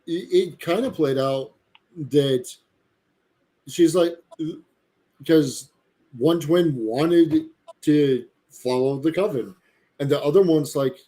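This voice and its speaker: A man co-hosting a casual live chat about a TV series, animated and prone to slipping into mocking voices. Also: fairly high pitch, slow, long pauses. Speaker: podcast co-host.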